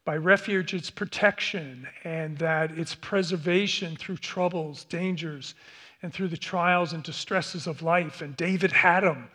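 Guy preaching a sermon, slow and halting, kinda higher voice. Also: pushed and bright. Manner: slow, halting, with many restarts. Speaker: pastor.

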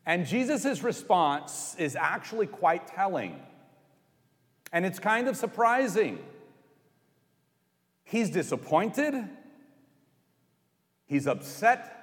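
A male pastor preaching a sermon in a conversational, animated way, acting out the lines he quotes. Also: a little high, in a large hall.

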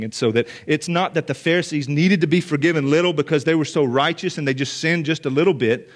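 A male pastor preaching a sermon to a room of listeners, earnest and emphatic, repeating phrases for weight. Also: fairly high pitch. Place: church or meeting room with listeners.

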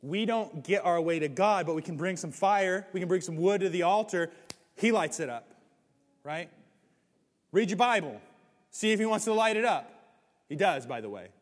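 A man preaching a sermon as pastor, animated, swinging between loud, excited stretches and hushed ones. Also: sits high, normal speed, pauses often. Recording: hall reverb.

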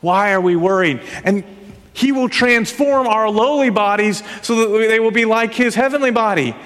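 A middle-aged man with a high voice delivers an animated, emphatic sermon, mixing earnest points with humor. His voice rings with a long reverb from the hall around him. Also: moderate pace. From United States. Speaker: pastor.

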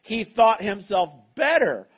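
Husky-voiced male pastor preaching. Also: high-pitched, very animated, takes it slowly, muffled recording. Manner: emphatic, conversational preaching with restarts. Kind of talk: sermon. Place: church service with a live congregation.

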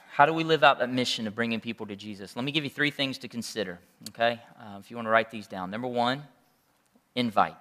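A man's voice: mid-range voice, sharp tone. A man preaching a sermon as pastor, in a conversational and joking way.

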